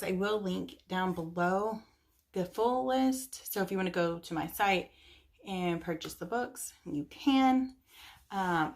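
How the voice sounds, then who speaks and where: A young woman chatting casually about books she recommends, rambling a little with lots of fillers. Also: fairly low pitch. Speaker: book reviewer. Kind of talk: casual chat.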